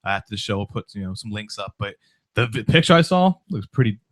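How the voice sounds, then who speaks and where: A man's voice: on the low side, big pitch swings, fast, fairly bright tone. A man hosting a casual sports talk show, running through news items with a sarcastic, rambling delivery full of fillers. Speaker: podcast host.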